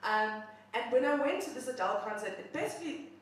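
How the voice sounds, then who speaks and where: A woman's voice: a little high, fast talker. A young woman telling a comic personal story, self-mocking and laughing as she talks. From South Africa. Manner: animated, self-mocking, laughs while talking. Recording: very echoey room, mic far off.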